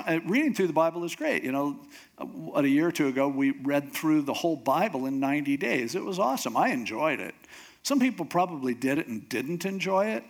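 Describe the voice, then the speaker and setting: A middle-aged man preaching a conversational sermon as pastor, acting out his own thoughts as he goes. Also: a little high. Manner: conversational, animated preaching with quoted inner thoughts.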